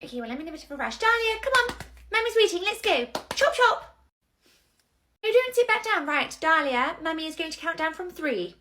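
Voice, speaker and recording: A woman's voice: very high voice, very animated, brisk, pushed and bright, a little hiss or hum, heavily acted. A woman playing a posh, impatient mother in a comedy sketch, giving prim, clipped commands. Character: posh, impatient mother hurrying her toddler.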